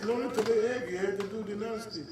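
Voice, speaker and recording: A man's voice: high voice, rapid-fire. A man co-hosting a comedy podcast live at a bar, joking playfully with stammered restarts. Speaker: podcast co-host. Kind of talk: casual comedic banter. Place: live bar stage with crowd. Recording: echoey live bar, crowd noise, distant mic.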